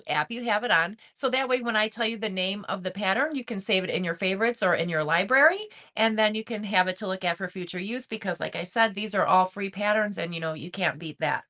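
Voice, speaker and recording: A woman's voice: mid-range voice, bright, forceful tone. A woman hosting a crochet livestream, chatting casually and greeting viewers by name as she reads the chat. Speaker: crochet channel host.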